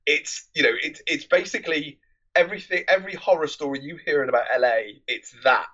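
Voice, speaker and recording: A man's voice: a little high, fairly quick, pushed and bright, lo-fi sound. A man hosting a film podcast, recapping a movie plot in a loose, rambling, conversational way.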